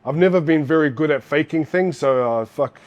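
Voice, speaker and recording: A middle-aged man from New Zealand, a former fighter, telling a story in casual chat, animated and swearing often. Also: a little high, brisk, dull audio.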